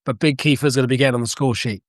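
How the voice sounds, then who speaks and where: A man hosting a casual football podcast, brisk and jokey as he moves the show along. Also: medium pitch, fairly even intonation, no echo, clean studio sound. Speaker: podcast host. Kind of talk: casual chat.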